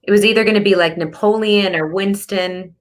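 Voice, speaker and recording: A woman's voice: mid-range voice, fairly even intonation, a little fast. A woman hosting a casual chat, who laughs often and answers in short encouraging replies.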